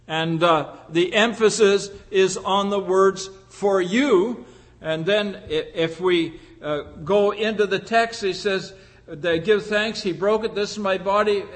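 Brief: male preacher, high voice, slow and emphatic, echoing sanctuary. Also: a bit bright. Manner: earnest, emphatic, with frequent fillers. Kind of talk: sermon. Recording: long hall reverb.

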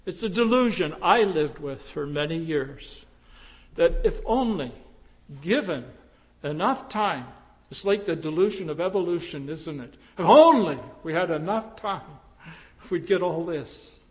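Slow, high-voiced preacher in a big hall. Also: male voice, lively intonation. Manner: emphatic, slow and deliberate, rising to impassioned pleas. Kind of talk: sermon. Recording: long reverb of a large hall.

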